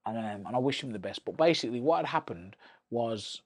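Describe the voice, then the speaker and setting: A man tells stories from his boxing days as a podcast guest. His voice is mid-pitched, and the talk is casual and full of swearing. He keeps slipping into the voices of the people he quotes. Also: brisk. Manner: animated, profane storytelling that acts out quoted voices. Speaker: podcast guest, former professional boxer.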